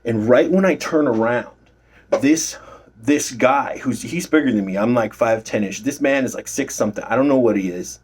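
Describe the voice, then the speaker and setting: A man's voice: mid-range voice, normal speed, darkish tone, breathy edge. A middle-aged man recording himself at work, telling a rambling story about his bouncer days with fillers and swearing. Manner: rambling, swears freely, many fillers and restarts. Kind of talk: casual storytelling vlog. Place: at his workplace.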